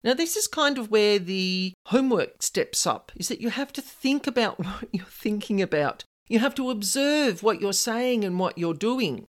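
A woman in her fifties talks through her advice in an earnest, chatty way. Her pitch swings widely as she goes, lifting and dropping through each point. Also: moderate pace, few pauses. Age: 50s. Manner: earnest, animated, conversational. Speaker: spiritual advisor. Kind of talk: direct-to-camera advice talk.

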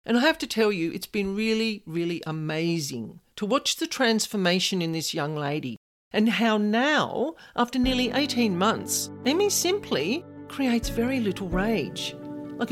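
A woman in her fifties talks through her advice in an earnest, chatty way. Her pitch swings widely as she goes, lifting and dropping through each point. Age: 50s. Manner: earnest, animated, conversational. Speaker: spiritual advisor. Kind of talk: direct-to-camera advice talk.

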